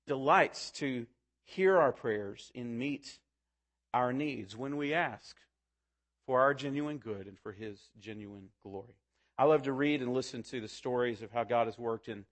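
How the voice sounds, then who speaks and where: A man's voice: medium pitch, a bit bright. A man preaching a sermon as pastor, earnest and building to fervent emphasis.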